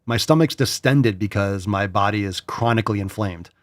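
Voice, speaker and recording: A man's voice: lowish voice, moderate pace, dry recording. A man hosting a podcast, talking bluntly and profanely in casual chat, mocking others in put-on voices. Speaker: podcast host.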